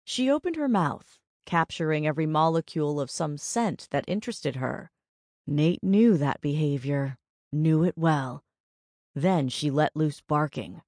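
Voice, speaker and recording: A woman with a low voice reads an audiobook in a measured, steady way. The sound is dry and close, with no room in it. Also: dry recording. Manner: measured, even storytelling. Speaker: audiobook narrator. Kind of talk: scripted narration.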